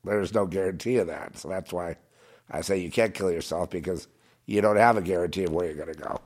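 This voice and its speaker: A man delivering a rambling political monologue, halting and restarting, swinging from muttering to agitated outbursts. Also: low-pitched. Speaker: commentator.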